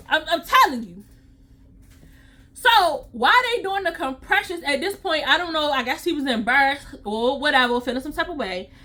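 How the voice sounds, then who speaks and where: A woman CPR instructor telling a story to her vlog audience in a sassy, animated way. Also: high-pitched, moderate pace.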